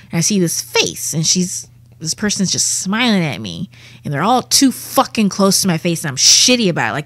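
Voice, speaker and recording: A woman's voice: fairly low pitch, dry recording. A young adult woman, a comedian guest, telling a vivid and profane story in a casual way.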